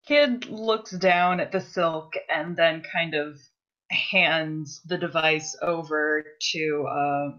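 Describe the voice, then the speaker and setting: A player in a tabletop game describing their character's actions slowly and with hesitation. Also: mid-range voice, steady tone, bright, forceful tone, lo-fi sound. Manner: slow, hesitant speech. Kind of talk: tabletop role-play chat.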